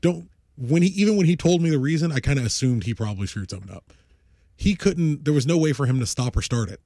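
A man's voice: on the high side, lively intonation, fast, warm tone, dry recording, studio quality. A man co-hosting a casual sports podcast, telling stories in a rambling way and often correcting himself mid-sentence. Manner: rambling, self-correcting storyteller. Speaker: podcast co-host.

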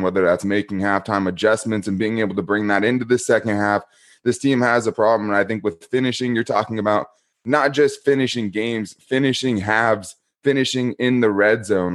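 A man's voice: lowish voice, lightly acted. A man playing an analytical male football coach candidate who lays out points methodically.

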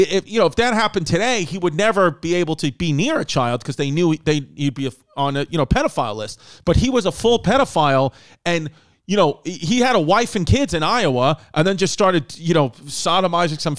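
Male podcast host, rambling storyteller, slightly high voice, dry close sound. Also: lively intonation, a little fast, no echo. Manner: rambling storytelling with many fillers and restarts. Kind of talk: casual chat.

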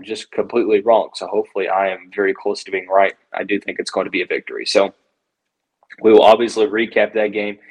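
A man's voice: fairly low pitch, poor audio. A man hosting a sports podcast, breaking down a basketball game casually with many fillers and self-corrections.

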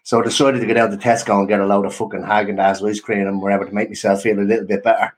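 A man telling a sweary, animated anecdote in casual podcast chat. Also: fairly low pitch, very fast.

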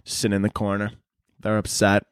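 A man's voice: lowish voice, monotone, fairly quick, clean tone, dry recording, studio quality. A young man hosting a solo podcast, ranting and joking in a profane, rambling way and slipping into silly voices. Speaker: podcast host. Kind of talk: solo comedic podcast rant.

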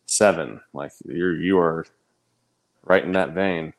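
A man's voice: deep voice, slow. A man co-hosting a casual podcast, laid-back and full of "like" and "kinda". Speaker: podcast co-host.

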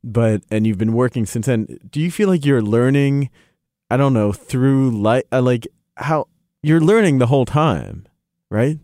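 Joking podcast host, man's low gravelly voice. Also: a little slow, warm tone, no echo, studio quality. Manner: joking, playful. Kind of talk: casual interview chat.

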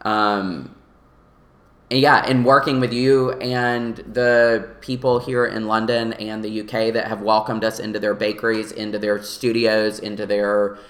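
A man with a Southern US accent talks earnestly on a podcast, with a rather low voice. His tone is bright and forceful, and the room sounds echoey around him. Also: flat delivery, unhurried. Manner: earnest, rambling with fillers. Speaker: magazine editor. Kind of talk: casual podcast chat.

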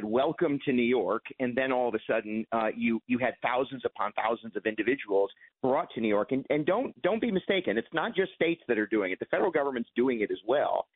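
A man speaking as a congressman in a radio interview, talking rapidly and emphatically. He comes through a tinny, narrow phone line that sounds dry and close. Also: medium pitch, dry recording. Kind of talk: political interview.

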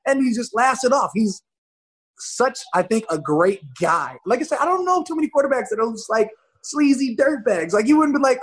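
A man chatting as a guest on a podcast, telling animated stories and acting out quoted voices. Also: very high-pitched, moderate pace. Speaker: guest football player. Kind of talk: casual podcast chat.

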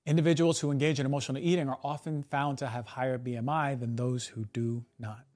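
A man's voice: medium pitch, steady tone, a little mellow. Emphatic male podcast host. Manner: emphatic, often adds a quick "right?". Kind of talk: podcast monologue.

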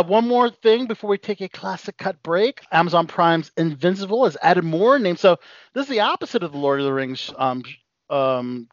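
Man, podcast host, rambling with fillers, slightly high voice, dull dry lo-fi sound. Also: no room sound. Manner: rambling, with many fillers and restarts. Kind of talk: casual pop-culture chat.

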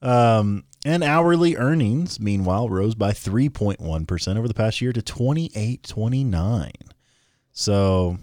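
A man's voice: lowish voice, no echo, clean studio sound. A man co-hosting a podcast, joking and reading a news article aloud in a casual way. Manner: animated, quick to joke. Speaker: podcast co-host.

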